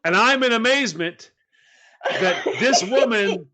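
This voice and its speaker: Animated storytelling man, lively pitch. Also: unhurried, a crowd in the background. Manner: animated, mimics other people's voices. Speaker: storyteller on a podcast. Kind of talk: casual comic storytelling.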